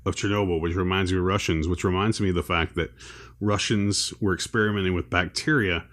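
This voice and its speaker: A man's voice: deep voice, steady tone, brisk, fairly bright tone. A middle-aged man co-hosting a podcast in casual chat, jokey and full of trivia facts. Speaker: podcast co-host.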